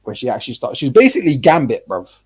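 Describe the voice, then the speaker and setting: A man co-hosting a laid-back podcast, talking in a loose, rambling way with lots of false starts and the odd swear word. His voice sits at an ordinary middle pitch and he gets animated as he goes. It's plain, unforced chat. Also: fast, breathy edge. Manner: rambling, animated, swears freely, frequent restarts. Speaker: podcast co-host. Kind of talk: casual chat.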